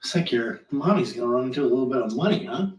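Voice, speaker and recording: A man's voice: medium pitch, animated, rapid-fire, recorded from a distance, natural voice. A man playing a crude, shameless, flirtatious party guy who talks in a cocky, teasing way, in comedy series acting. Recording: echoey sound from off-mic.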